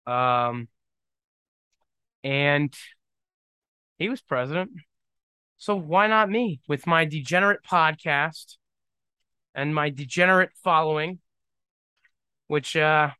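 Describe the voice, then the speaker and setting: A young man hosting his own podcast, thinking out loud in a rambling, self-deprecating and joking way. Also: on the high side, clear, resonant tone, no echo. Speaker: podcast host. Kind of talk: casual solo podcast monologue.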